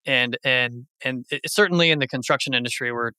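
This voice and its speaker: A man's voice: medium pitch, brisk, pushed and bright, clear, resonant tone, no echo. A man co-hosting a podcast, talking in a loose, conversational way with many fillers. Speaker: podcast co-host. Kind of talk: casual interview talk.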